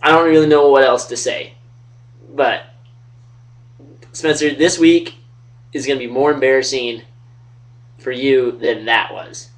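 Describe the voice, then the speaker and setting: A man's voice: on the high side, fairly bright tone. Young man trash-talking into a distant webcam. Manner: loose, profane, joking. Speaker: fantasy football league organizer. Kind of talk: casual webcam trash talk and storytelling. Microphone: webcam mic.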